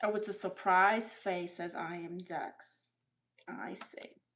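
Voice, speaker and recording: A woman with a lowish, slightly bright voice speaks at a slow pace in a steady tone. Playing a sassy, doting middle-aged aunt, she greets viewers and reads chat aloud with big swoops on a chatty comedy livestream filmed in her bedroom.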